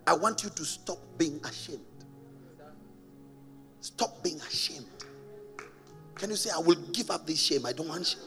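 Animated pastor, high lively voice. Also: male voice, unhurried, long pauses, in a large hall, soft background music. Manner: animated preaching, laughing at his own stories. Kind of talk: sermon.

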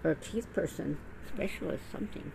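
Middle-aged woman, lowish gravelly voice, rambling profane vlog monologue. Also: expressive, fairly quick, background noise. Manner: blunt, profane, rambling with many restarts. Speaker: vlogger. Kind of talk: casual monologue.

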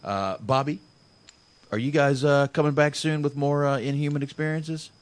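A man hosting a casual podcast, relaxed and profane, with hesitant restarts. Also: on the high side, normal speed. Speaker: podcast host.

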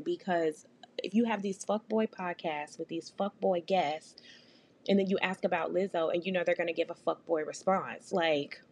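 A gravelly, husky woman runs her own podcast in a loose, ranting commentary. She talks bluntly and sarcastically, swearing freely as she picks apart what someone said. Her voice sits on the low side. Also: a little mellow. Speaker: podcast host. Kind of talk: casual commentary rant.

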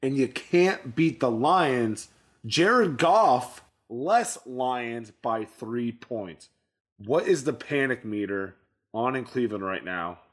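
A man with an ordinary, mid-range voice gives a casual football recap. He is blunt and opinionated, firing off passing and rushing numbers between quick verdicts on each team. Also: medium pitch, expressive. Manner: blunt, opinionated, rattles off game stats. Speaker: sports show co-host.

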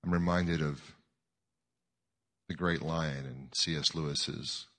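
A male preacher reflecting in a slow, earnest sermon. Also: very deep voice, fairly even intonation, a bit bright. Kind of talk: sermon with a dramatic reading. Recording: long hall reverb.

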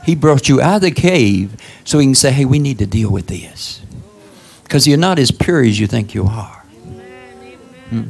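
A man preaching a sermon in a conversational style, prodding listeners with "huh?" and leaping up high for emphasis. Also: expressive, moderate pace, vocal fry. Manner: conversational preaching with call-outs like "Huh?" and sudden high exclamations. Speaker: pastor.

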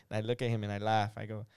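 A young man in his twenties talks on a podcast in a smooth, clear voice of middle pitch. He rambles through stories, restarts often, and quotes both sides of each exchange. The room is dry and close. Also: little pitch movement, fast, a little mellow, dry recording. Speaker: podcast guest, aspiring police officer. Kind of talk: casual podcast chat.

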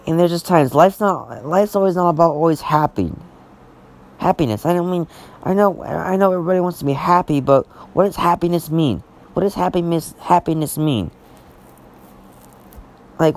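A man's voice: on the high side, a little mellow. A man talking unscripted to camera, rambling and frustrated, repeating himself and restarting sentences, swearing as he gets worked up. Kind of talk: unscripted personal rant.

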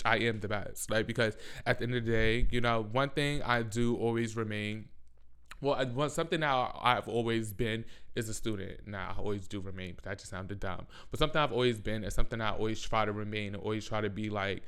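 A man ranting in a casual, sassy, profane and animated way, full of slang, in the manner of a podcast host. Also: fairly low pitch, quick pace, smooth. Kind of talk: casual rant.

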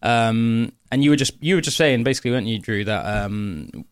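A man's voice: medium pitch, brisk, clear, resonant tone, dry recording, studio quality. A man hosting a podcast in casual chat, loose and profane, with lots of filler words. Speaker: podcast host.

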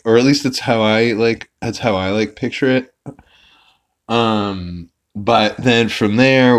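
Low-voiced man recapping casually. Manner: rambling and profane, with many fillers. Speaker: podcast host.

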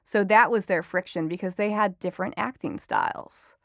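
A woman entertainment reporter talks through an interview in a lively, storytelling way and laughs often. Her pitch sits mid-range for a woman, and the sound is close and dry, with no room around it. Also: moderate pace, no room sound. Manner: chatty, animated storytelling with frequent laughs. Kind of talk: conversational interview.

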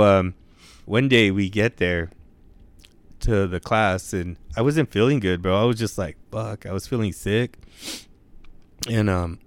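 A young man telling stories in casual chat, with laid-back slang, heavy swearing and constant "bro" and "dude". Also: fairly low pitch.

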